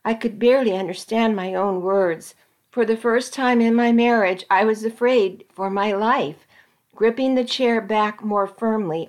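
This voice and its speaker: Slow, measured woman story reader. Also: medium pitch. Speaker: volunteer reader for a reading service. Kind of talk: reading a magazine story aloud.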